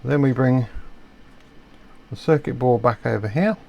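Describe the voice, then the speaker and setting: A middle-aged man explaining a radio repair step by step in a relaxed, chatty way. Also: mid-range voice, measured pace, gravelly, highs cut off. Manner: relaxed, chatty, self-deprecating asides.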